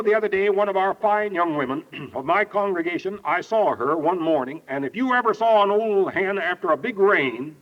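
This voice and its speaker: Animated, high-voiced old preacher. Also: male voice. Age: older. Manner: folksy, animated storyteller. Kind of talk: storytelling sermon. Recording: dull lo-fi archive tape.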